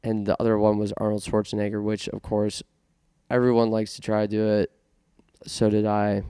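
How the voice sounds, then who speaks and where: A man's voice: fairly low pitch, little pitch movement, moderate pace, dark tone, clean tone, dry recording, studio quality. A man from Canada hosting a casual podcast monologue, self-conscious and rambling with many restarts. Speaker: podcast host.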